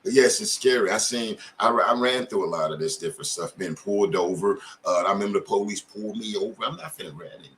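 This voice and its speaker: A man's voice: lowish voice, fast talker, few pauses, a bit bright, a little hiss or hum. Middle-aged male host, impassioned informal commentary, keeps asking pointed questions. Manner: informal street talk. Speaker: channel host. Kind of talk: casual commentary to camera.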